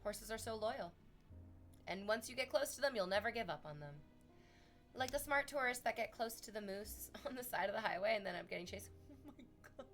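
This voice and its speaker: A Canadian woman talks a little fast over soft background music as she streams, chatting casually with viewers. Laughter comes often, and quoted bits come out as high, excited shrieks in her animated delivery.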